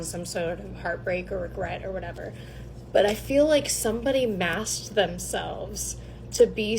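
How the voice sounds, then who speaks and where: Chatty woman doing a tarot reading, rambly, lots of ums, mid pitch, faint rumble behind. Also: darkish tone, poor audio. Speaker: tarot reader. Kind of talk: casual collective tarot reading.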